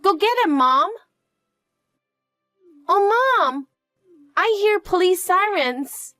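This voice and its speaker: A woman voicing a timid, clingy little girl who asks and pleads in a high, eager voice. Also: lively intonation, very slow, pushed and bright, no room sound, soft background music, full character voice. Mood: pleading.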